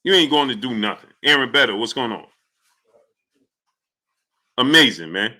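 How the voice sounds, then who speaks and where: A man's voice: mid-range voice, moderate pace. A man hosting a live stream, greeting viewers by name and ranting with heat. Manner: animated, heated, shouts out chat names. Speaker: livestream host.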